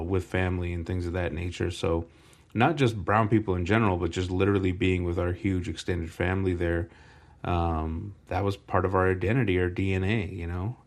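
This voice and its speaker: Deep-voiced man in casual podcast chat. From Canada. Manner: animated storyteller, acts out quoted voices. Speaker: podcast co-host.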